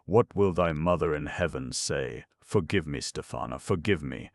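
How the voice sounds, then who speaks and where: A man's voice: rumbling low, lively intonation, normal speed, dry recording. A man as an anguished fatherly sculptor.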